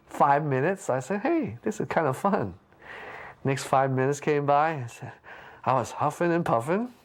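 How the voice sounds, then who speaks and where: A man being interviewed, casually telling a story with lots of restarts and stammers, jumping up in pitch when he acts out what people said. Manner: lively anecdote with frequent restarts and stammers; acts out quoted lines with big pitch jumps.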